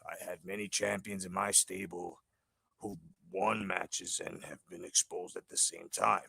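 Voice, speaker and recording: A man doing a comedic impression of an old boxing promoter, gravelly and grumbling. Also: low-pitched, flat delivery, unhurried, bright, forceful tone, dry recording, voice pushed down, exaggerated voice. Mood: gruff. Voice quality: gravelly, dry throat.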